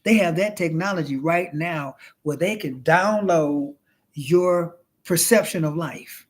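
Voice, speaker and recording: A flamboyant man retelling a film in a loose, chatty monologue, with a voice on the higher side for a man. He rambles, restarts and swears freely, and keeps calling his listener honey and child. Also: slow pace. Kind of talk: casual storytelling monologue.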